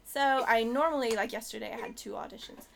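A woman's voice: a little high, fast talker, creaky, fairly bright tone, slight background noise. A young Australian woman, an actor, chatting casually and giggling often while playing with accents. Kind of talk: casual chat.

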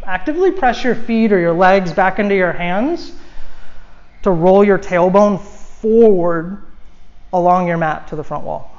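A woman teaching a yoga class, giving calm step-by-step cues and chatting casually with lots of "like"s. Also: fairly low pitch, measured pace. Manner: calm cueing with casual asides, many "like"s. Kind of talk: guided yoga class instruction. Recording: dull lo-fi sound.

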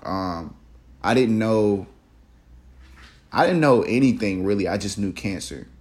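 A young man in college, telling a personal story in a casual, halting, reflective way, with many fillers and restarts. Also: lowish voice, animated, a little mellow. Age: young adult.

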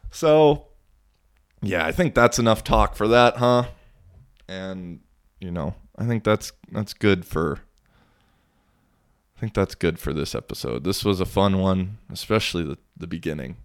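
Tired, laid-back deep-voiced man. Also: smooth. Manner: laid-back, rambling, swears casually. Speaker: podcast host. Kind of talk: casual solo podcast storytelling.

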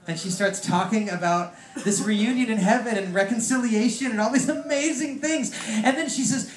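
A man's voice: high-pitched, moderate pace, hardly any pauses, slight background noise. A man preaching a personal testimony, rambling with lots of "like" fillers. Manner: rambling storyteller, heavy use of "like". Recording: roomy echo.

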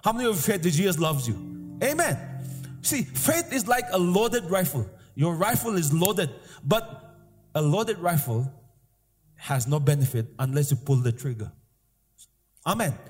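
This pastor's voice runs on the high side and is animated, moving at normal speed but broken by long pauses. During the live sermon he declares things emphatically and repeatedly, asking the congregation to respond, while faint music plays in the echoing hall.

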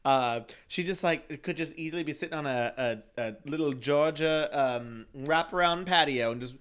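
Chatty podcast dude, smooth clear voice, talks fast and animated. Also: male voice, fairly high pitch. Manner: chatty, animated, laughs often. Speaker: podcast co-host. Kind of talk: casual chat recap.

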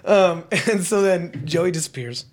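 A young man chats casually on a podcast, his voice sitting a little high. He tells stories with energy and drops into sudden higher voices when he mimics people. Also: animated, a little slow. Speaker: podcast co-host. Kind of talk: casual storytelling chat.

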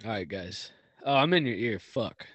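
A man's voice: on the low side, lively intonation, moderate pace, fairly bright tone, breathy edge, no room sound. A man co-hosting a casual podcast, talking in a slangy, rambling way with lots of swearing and fillers. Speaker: podcast co-host.

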